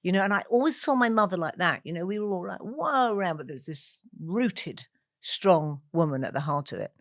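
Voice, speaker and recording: A woman in her sixties from England, a guest talking over memories, with an animated storytelling manner and frequent laughs. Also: on the low side, brisk, no echo, clean studio sound. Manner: warm storyteller, laughs often, animated asides. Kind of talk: reflective conversation.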